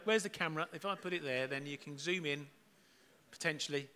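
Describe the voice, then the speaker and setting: Upbeat middle-aged man, high bright voice, jokey children's talk leader. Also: quick pace. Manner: playful, chatty, jokey.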